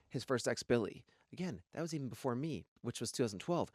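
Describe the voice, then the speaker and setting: A man co-hosting a podcast in a studio, an animated storyteller who acts out other people's lines in casual chat. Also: medium pitch, quick pace, hardly any pauses, no echo. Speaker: podcast co-host.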